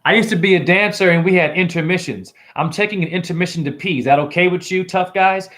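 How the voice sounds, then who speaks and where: A man giving a rambling, confrontational livestream monologue. He fires off rhetorical questions, and his pitch swings widely. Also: fast talker, fairly bright tone, roomy sound. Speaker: spiritual vlogger and store cashier.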